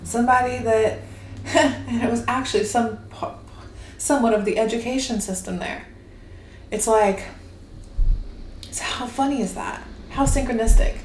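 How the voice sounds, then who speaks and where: An animated woman chats her way through a tarot reading, rambling and laughing often in a fairly high voice. The sound is echoey with a faint hiss. She talks as if to a friend. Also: normal speed, long pauses. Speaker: tarot reader. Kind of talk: casual spoken tarot reading.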